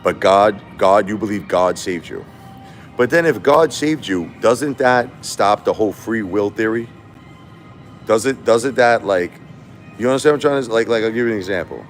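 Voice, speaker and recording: A man's voice: fairly low pitch, normal speed, faint music behind. A middle-aged man, hosting a live stream and telling rambling stories, repeating himself and laughing often. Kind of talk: casual live-stream storytelling.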